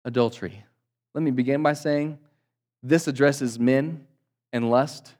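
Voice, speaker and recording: Man, pastor, sermon, medium-pitched voice, dynamic delivery, loud and soft swings. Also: steady tone, measured pace. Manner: dynamic preaching, rising loud for emphasis and dropping soft; addresses congregation as guys.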